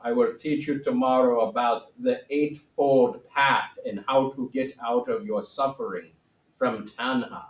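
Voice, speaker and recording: A man's voice: mid-range voice, steady tone, a little slow, lo-fi sound, lightly acted. A man voicing a solemn, wise ancient male sage in a put-on accent with broken grammar, teaching a playful lesson. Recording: roomy echo, mic at a distance.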